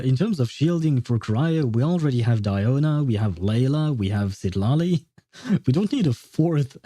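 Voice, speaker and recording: Dark-voiced man chatting on stream. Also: mid-range voice, dry recording, clean studio sound. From France. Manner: chuckles often, hesitant with many fillers, says "man". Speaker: livestreamer. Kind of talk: casual livestream chat answering viewers.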